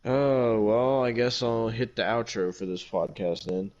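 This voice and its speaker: A man's voice: mid-range voice, measured pace, a little mellow, dull audio. Heated, foul-mouthed male podcast host. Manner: heated, heavily profane ranting. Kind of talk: casual podcast rant.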